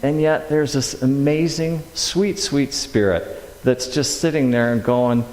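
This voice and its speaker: A middle-aged man giving a sermon in a church, telling a personal story in an animated way and acting out his own reactions. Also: mid-range voice, measured pace. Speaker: speaker at a church service. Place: large church hall. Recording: echoey hall with long reverb.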